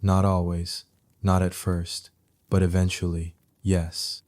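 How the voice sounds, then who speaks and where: Man doing a hoarse weary stranger, very deep voice, flat and slow, quiet. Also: no echo, clean studio sound. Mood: hushed, weary. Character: weary mysterious stranger man washed ashore.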